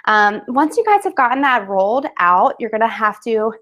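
A cheerful woman talking through a home craft project on a webcam livestream. She keeps it casual and chatty, with easy fillers and a somewhat high voice. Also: big pitch swings, moderate pace, a bit bright. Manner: chatty and upbeat, with laughs and fillers. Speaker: craft webinar host. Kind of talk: casual live craft demonstration.

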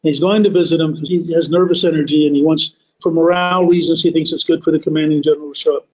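A man's voice: on the high side, steady tone, fast, darkish tone. Emphatic male history storyteller, dull audio. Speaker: podcast host.

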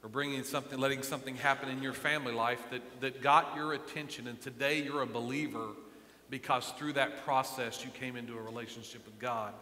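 A middle-aged male pastor preaching a sermon with passion, moving from quiet remarks to loud emphatic lines. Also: mid-range voice, fairly even intonation, fairly quick, slight background noise. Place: church sanctuary. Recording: echoey church hall.

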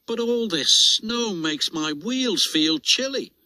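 A man voicing a young male steam engine who frets and whines in a high voice. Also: lively intonation, slow pace, bright, forceful tone, a little hiss or hum, full character voice. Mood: complaining. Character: cheerful young engine Oliver, male, fretful.

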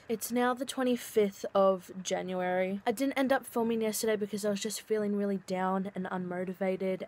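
A young woman talking casually to the camera at home late at night about the book she is reading, excitable and saying "like" a lot. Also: mid-range voice, a little hiss or hum. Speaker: book vlogger.

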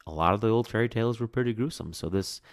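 A man's voice: lowish voice, quick pace, dry recording, clean studio sound. A man casually reviewing a picture book, stopping the reading for chatty commentary on the pages. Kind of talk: read-aloud with chatty commentary.

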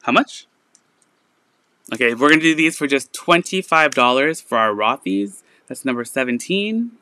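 A man hosts a casual live sale stream, chatting easily with plenty of "um" and "like" as he goes. His voice is bright and smooth, recorded close and dry with no room echo. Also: medium pitch, lively intonation, normal speed. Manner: chatty, lots of "like" and "um" fillers. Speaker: online resale seller.

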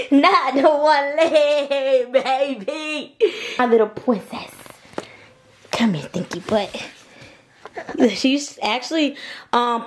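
At home on wood and tile floors, a woman makes a casual vlog, coaxing her baby in sing-song baby talk and chatting to viewers. She's a vlogger and mother with a mid-range voice, and there's a little hiss or hum.

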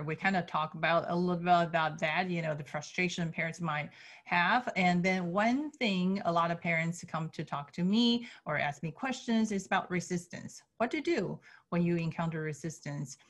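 A woman's voice: fairly low pitch, moderate pace. A woman hosting an interview, who asks open questions and affirms her guest's answers. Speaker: interview host. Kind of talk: conversational interview.

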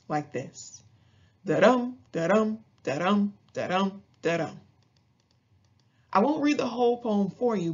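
Slow, measured woman teacher. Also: mid-range voice, muffled recording. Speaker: English teacher. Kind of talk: scripted educational narration.

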